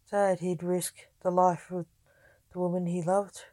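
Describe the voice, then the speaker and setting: Storybook young lady, bitter and resentful, as a woman reads her; slow, dry delivery. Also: fairly low pitch, flat delivery, dark tone, dry recording, close to an everyday voice. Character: resentful young bride in a forced marriage.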